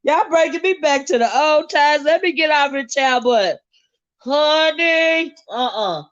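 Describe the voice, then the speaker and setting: A Southern woman hosts a casual livestream, talking straight to her viewers. She is sassy, laughs often and draws out her exclamations. Her voice sits a little high, and the recording sounds dry and a bit muffled. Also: expressive, unhurried, a bit bright, dry recording. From American South. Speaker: livestream host reading viewer comments. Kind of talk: casual chat.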